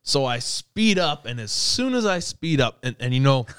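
Animated man telling a crash story. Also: medium pitch, moderate pace, smooth, dry recording, studio quality. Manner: animated, swearing, acts out his own words. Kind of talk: casual chat.

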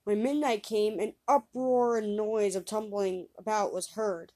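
A woman reading an old fairy tale aloud, lifting her pitch and volume for the characters' lines. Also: unhurried. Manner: lively reader raising pitch and volume for quoted voices. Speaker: storyteller.

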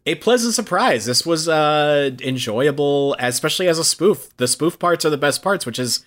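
A man's voice: on the high side, lively intonation, moderate pace, fairly bright tone. A man co-hosting a podcast, giving an upbeat, casual movie review with easy laughs and fillers. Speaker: podcast co-host.

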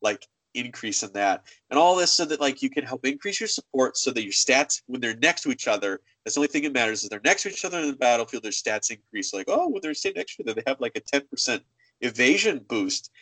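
Animated man chatting about games. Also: mid-range voice, fast, no echo, low-quality recording. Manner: animated, acts out game dialogue in funny voices. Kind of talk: casual gaming chat.

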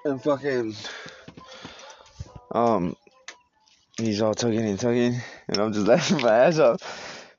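A man's voice: mid-range voice, takes it slowly, long pauses, a little mellow. A man casually telling a rowdy story, swearing and laughing as he acts out what people said. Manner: profane, laughing storyteller acting out voices. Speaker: podcast host. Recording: dull lo-fi recording with faint music.

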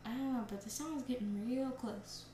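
A woman's voice: on the high side, moderate pace. Rambling young woman podcast co-host. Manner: rambling, animated storyteller. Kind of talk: casual chat. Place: indoors, TV on nearby. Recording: echoey room with faint noise.

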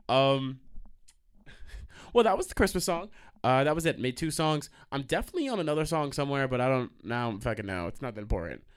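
A young man talks off the cuff in a college radio studio, profane and excitable, veering from one tangent to the next. His pitch sits in the middle for a man. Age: young adult. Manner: profane, excitable, jumps off track. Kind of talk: casual rambling monologue.

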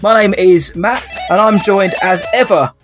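Jokey man, fairly high voice. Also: unhurried, faint music behind. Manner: jokey, laughs often, banter. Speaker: podcast co-host. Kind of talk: casual chat.

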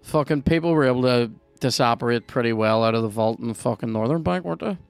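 A man with a Northern Irish accent, hosting a podcast and commenting on a video game in a sweary, excitable, jokey way. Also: mid-range voice, fast talker, gravelly, smooth, no echo, faint music behind. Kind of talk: casual gameplay commentary.

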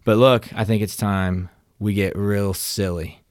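Laid-back low-voiced male co-host. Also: steady tone, measured pace, darkish tone, dry recording, clean studio sound. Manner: laid-back, says man and dude often. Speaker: podcast co-host. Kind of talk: casual podcast chat.

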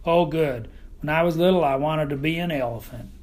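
A man with a Texan accent voicing a dazed, dopey male dog who talks in a slow, dreamy way in an audiobook. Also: on the high side, a little mellow, natural voice. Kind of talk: audiobook character voice.

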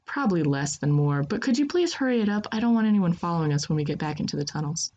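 A woman's voice: lowish voice, expressive, fast, darkish tone, lo-fi sound. A woman voicing a prim, exasperated woman fighter who refuses to kill, with a huffy, fussy manner. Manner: huffy and fussy, then mild.

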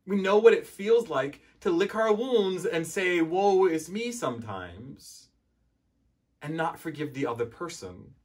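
A man's voice: on the high side, breathy edge. A man preaching a sermon in a conversational, storytelling way, briefly acting out voices from the parable.

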